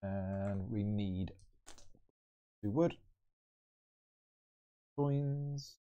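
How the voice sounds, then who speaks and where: A man's voice: fairly low pitch, extremely slow, lo-fi sound. A man hosting a live solo board game playthrough, chatting and thinking aloud as he moves pieces. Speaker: board game channel host.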